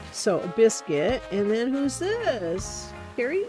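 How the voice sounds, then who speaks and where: A woman's voice: on the high side, sing-song, measured pace, gravelly, few pauses. Chatty woman streamer over game music. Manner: chatty, rambling storyteller. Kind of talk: casual gameplay commentary. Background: soft game music.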